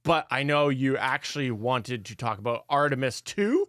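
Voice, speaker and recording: A man's voice: medium pitch, expressive, moderate pace, hardly any pauses, a bit bright, no echo, studio quality. A man co-hosting a casual podcast in an easygoing way, moving the talk along between topics. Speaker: podcast co-host. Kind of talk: casual chat.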